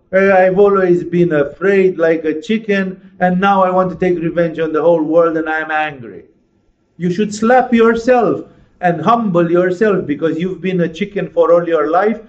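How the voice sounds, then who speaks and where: Male spiritual teacher, fervent and rhetorical, a touch high-pitched; muffled lo-fi recording. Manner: passionate, rhetorical questions, acts out inner voices. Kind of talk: sermon-like lecture.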